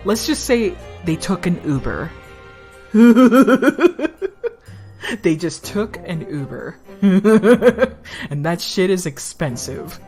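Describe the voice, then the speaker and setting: A woman's voice: mid-range voice, big pitch swings, very slow, a little mellow, faint music behind. A woman streamer giving giggly, swearing, casual commentary on a game.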